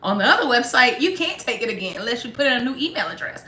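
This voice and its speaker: A young woman chatting casually to viewers on a livestream, sarcastic and quick to laugh. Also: high voice, very animated, pushed and bright, roomy sound. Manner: sarcastic, laughs often, talks straight to viewers. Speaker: livestream host.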